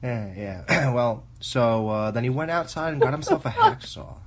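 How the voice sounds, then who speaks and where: A man voicing an old male gravekeeper with a Boston accent, telling a grisly tale slowly, with pauses and chuckles, recorded outdoors in a graveyard on a camera mic. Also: medium pitch, wildly swooping pitch, pitched below the performer's own voice. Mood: creepy drawl. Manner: drawling, pausing, chuckling storyteller. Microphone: handheld camera mic. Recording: loud hiss from a home camera tape.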